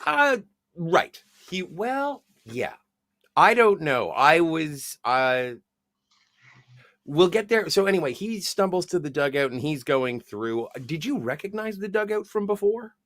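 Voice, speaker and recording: A man's voice: fairly high pitch, big pitch swings, a little slow, a bit bright, no room sound. A man co-hosting a podcast, casually talking through his reactions to a TV episode. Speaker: podcast co-host. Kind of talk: casual chat.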